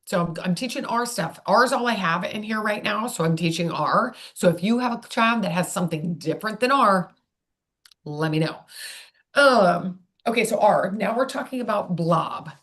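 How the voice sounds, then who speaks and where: A woman's voice: mid-range voice, lively intonation, normal speed, a bit bright. A woman speech therapist leading an online workshop in a chatty, digressive way, demonstrating sounds aloud. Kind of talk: live online workshop teaching.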